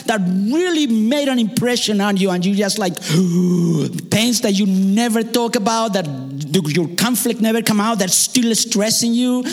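A man telling a stand-up comedy story with a fairly high voice that leaps even higher when he acts out his own outbursts. His delivery is animated and rambling, full of asides. The sound carries a long reverb, as if from a hall. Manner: animated, swings into shouted and high-pitched quoted voices.

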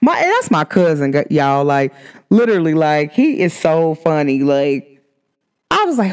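A woman hosting a podcast, talking casually and emphatically to her listeners, full of "like" fillers, her voice swinging up high when excited. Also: normal speed, smooth. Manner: chatty and emphatic, many "like" fillers. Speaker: podcast host.

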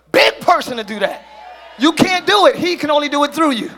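A male pastor preaches with a very high voice, and his tone is bright and forceful. He swings into shouted peaks and calls to the congregation, dropping into casual slang and playful quoted voices. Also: expressive, brisk, a faint crowd. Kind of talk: sermon. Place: church hall with congregation.

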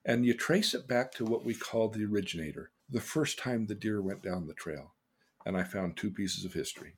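An older man, a podcast host, earnestly telling personal stories, his voice swinging between loud and hushed. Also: on the low side, animated, moderate pace, slightly rough. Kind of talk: personal storytelling.

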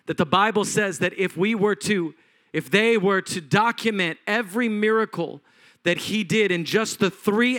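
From the pulpit, a male pastor with a fairly high voice preaches a sermon. He tells the story with animated swings, growing loud and then dropping to a hush.

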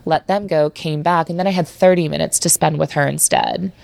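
A frank woman chiropractor with a low voice that has a gravelly edge. She chats candidly, often acting out her talks with patients. The sound is dry and close, with no room echo. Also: steady tone, fairly quick, a little mellow. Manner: candid, frank storytelling that acts out her own quoted exchanges. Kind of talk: casual interview talk.

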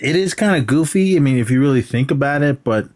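With a mid-range, expressive voice that's fast and a little mellow, a podcast co-host chats casually through film recaps. He rambles, hesitates, fills gaps with fillers, and acts out quoted movie lines.

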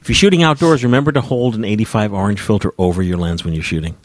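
A man's voice: on the low side, quick pace, no room sound. A man hosting a casual chat, explaining things in a matter-of-fact way. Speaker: podcast host.

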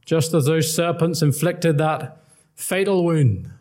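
A man's voice: fairly high pitch, slow, darkish tone. A man preaching an earnest, emphatic gospel sermon and quoting old-style scripture.

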